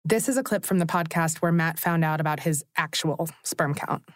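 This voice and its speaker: A woman hosting a podcast who narrates in a chatty, conversational way and talks directly to her listeners. Her voice sits a little low for a woman and the recording is close and dry, with no room sound. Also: moderate pace, no room sound. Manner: chatty, speaks straight to listeners. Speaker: podcast host.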